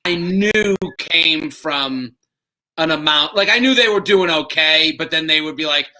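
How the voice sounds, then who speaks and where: A man's voice: fairly high pitch, measured pace, pushed and bright, poor audio. A male stand-up comedian in casual chat, rambling and self-aware, with many fillers.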